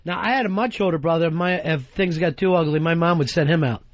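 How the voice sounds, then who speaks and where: A man's voice: a little high, quick pace, dry recording, dull audio. A man hosting a radio talk show, telling crude, rambling stories and acting out voices. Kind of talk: profane comedic talk radio banter.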